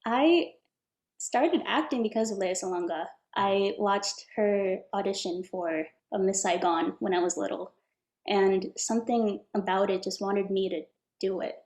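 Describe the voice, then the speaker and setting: Young-sounding actress chatting earnestly, mid pitch, roomy echo around her. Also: a little slow, a little mellow. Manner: earnest and enthusiastic. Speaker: actress interviewee. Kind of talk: casual interview answers. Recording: echoey room.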